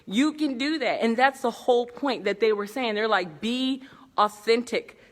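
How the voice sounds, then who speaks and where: A woman speaking coach chats casually and bluntly with viewers on a livestream from a hotel conference room at night. Her voice sits on the high side at normal speed, with a long reverb tail, and she swears freely and laughs a lot.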